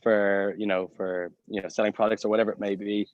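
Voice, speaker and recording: A man's voice: fairly low pitch, little pitch movement, fast talker, no room sound, muffled recording. A man in his thirties with a Dublin accent, a podcast guest telling travel stories in a chatty way, full of fillers and restarts. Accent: Dublin Irish. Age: 30s. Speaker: podcast guest, hostel co-owner. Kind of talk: casual storytelling interview.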